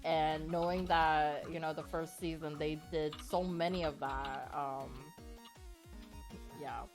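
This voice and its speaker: A woman's voice: deep voice, steady tone, slow, soft background music. A woman co-hosting a casual podcast chat, rambling with many fillers and laughing often. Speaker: podcast co-host.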